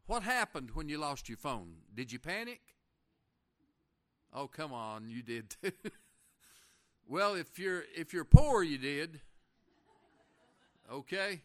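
A man preaching a folksy sermon, reading scripture slowly and asking the congregation questions. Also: on the high side, sing-song, bright, forceful tone. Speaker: pastor.

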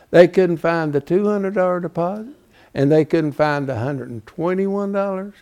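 Here an older preacher, in his seventies, spins a folksy tale at a moderate pace, his voice sitting high. He gets more and more animated as the sermon goes on, eventually building to a loud delivery.

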